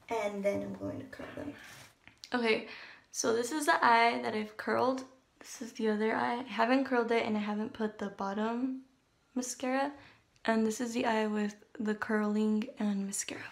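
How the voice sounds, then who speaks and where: Her voice is on the high side and gravelly, with the roughness of early morning. The young beauty vlogger chats casually through her makeup routine at home, hesitating and thinking aloud as she goes. It's recorded from a distance in an echoey room, with a shower audible in another room.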